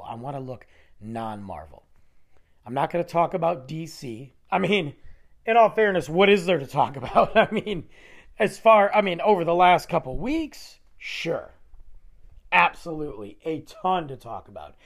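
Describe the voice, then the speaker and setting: Animated man hosting with a nasal, fading voice. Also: fairly high pitch, normal speed. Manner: rambling, animated, restarting sentences. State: losing his voice, nasal. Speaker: podcast host. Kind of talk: solo podcast monologue. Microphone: close studio microphone.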